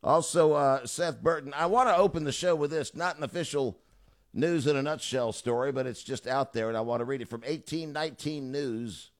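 A man's voice: medium pitch, a little fast. A middle-aged man hosting a talk radio show, delivering a chatty monologue with joking asides.

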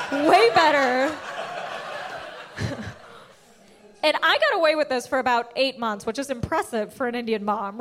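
High, animated woman doing stand-up. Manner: animated storytelling, jumping to shrieking high pitch for punchlines. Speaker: stand-up comedian. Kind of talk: stand-up comedy set. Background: audience laughter.

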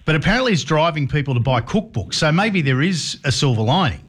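A man's voice: fairly high pitch, big pitch swings, fast, a bit bright, breathy edge. A middle-aged man hosting a radio show, chatting casually with wry asides and hesitant restarts. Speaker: radio host.

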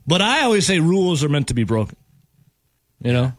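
A man's voice: fairly high pitch, sing-song, a little fast, no echo. A man, hosting a radio show and telling a story in casual chat, laughing as he goes.

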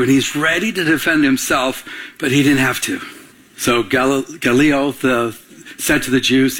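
A man's voice: moderate pace, fairly bright tone, husky. A middle-aged male pastor preaching a sermon, telling stories and acting out the voices of the people in them. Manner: storytelling, acting out quoted voices with rising pitch.

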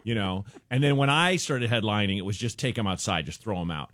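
Comedian guy telling a story on the radio, pitch jumps around a lot, dry mic. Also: brisk, no echo. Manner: animated, laughing storyteller. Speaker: comedian guest.

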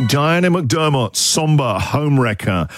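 A man's voice: fairly high pitch, takes it slowly. A man hosting a radio show, bantering playfully and chuckling often as he talks. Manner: jokey, chuckles often, lively delivery. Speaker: radio host. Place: radio studio. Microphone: studio microphone. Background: music bed under the talk.

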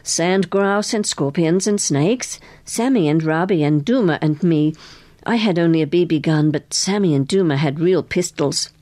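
A woman's voice: low voice, moderate pace, mellow, no room sound, clean studio sound, natural voice. A woman reading aloud, voicing an eager, polite young woman.

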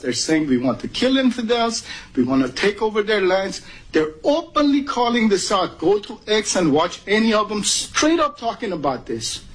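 Husky, impassioned man from Iran. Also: low-quality recording. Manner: urgent, emotional, rising to high pitch. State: close to tears. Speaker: public speaker at a meeting. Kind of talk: impassioned public comment.

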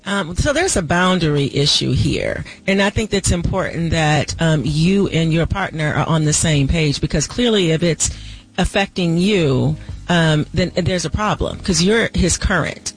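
A woman relationship expert guesting on a call-in radio show, giving callers measured, reassuring advice. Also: low voice, husky, faint music behind, low-quality recording.

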